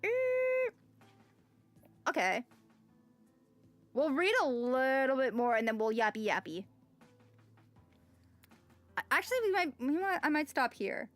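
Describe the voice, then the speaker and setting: A woman's voice: sits high, very animated, takes it slowly, pauses often. A woman streaming a game, reading its text aloud and chatting casually, with frequent sighs and exclamations. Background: faint music.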